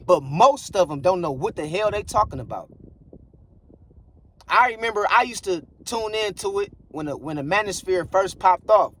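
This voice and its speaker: Man, high-pitched, blunt preachy monologue, faint traffic behind. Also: a bit bright. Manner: blunt, preachy, repeats phrases like "bruh" and "I guarantee you". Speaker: relationship commentator. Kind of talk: casual monologue to camera.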